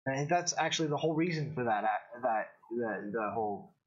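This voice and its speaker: A man hosting his own live-streamed show, talking casually in a rambling, halting way with many restarts. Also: mid-range voice, expressive, highs cut off. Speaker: show host.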